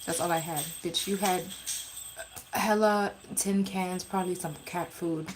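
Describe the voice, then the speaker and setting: Lady streamer venting about a rude stranger, cussing, rambly, kinda low voice. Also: fairly even intonation, unhurried, music in the background, rough recording. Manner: blunt, profane, indignant; rambling, restarts. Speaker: live streamer. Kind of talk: casual storytime chat.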